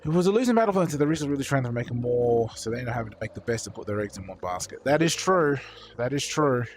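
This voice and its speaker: Brief: young male streamer, mid pitch, chatty and profane, rambling with fillers. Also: expressive, fast talker, a little hiss or hum. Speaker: streamer painting models. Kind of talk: casual chat with stream viewers.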